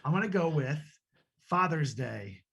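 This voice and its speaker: Husky, lively quiz contestant man. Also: a little high, a little slow. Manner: joking, enthusiastic. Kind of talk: casual banter.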